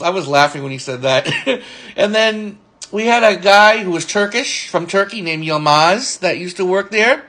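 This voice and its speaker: High-voiced man rambling through memories. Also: a bit bright. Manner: rambling, halting, laughs between stories. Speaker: storyteller recalling a friend. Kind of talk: casual spoken reminiscence.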